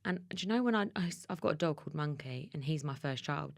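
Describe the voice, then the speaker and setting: Speaking fast in a low, gravelly voice, a thirty-something woman with an Essex accent pours out a personal story on a podcast, animated and emotional, often starting over mid-thought. The candid conversational interview is recorded at studio quality without any echo.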